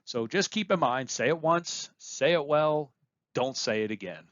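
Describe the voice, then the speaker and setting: A man's voice: on the high side, expressive, measured pace, a bit bright, dry recording, lo-fi sound. A man giving a recorded course lecture, explaining points plainly and repeating key phrases for emphasis.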